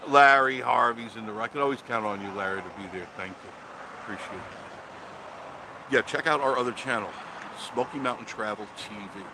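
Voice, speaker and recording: A man's voice: medium pitch, a little fast, background noise. An older man hosting a casual live stream outdoors on his phone, greeting viewers by name as he chats. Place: outdoors by a roadside attraction. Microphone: phone held for a live stream.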